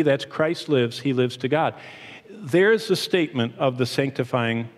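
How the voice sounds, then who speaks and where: A middle-aged man delivers a sermon from a church, his voice sitting in the middle of the male range. He preaches with animation, pressing some points slowly and rushing through others. The sound carries a long reverb from the hall around him. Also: medium pitch. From Michigan, USA. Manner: animated preaching, shifting pace and emphasis. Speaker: pastor.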